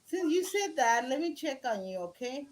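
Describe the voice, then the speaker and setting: A woman's voice: high-pitched, sing-song, normal speed, a crowd in the background, rough recording. A woman with a Mexican accent giving a blunt, profane, rambling tarot reading on a live stream. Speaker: tarot reader.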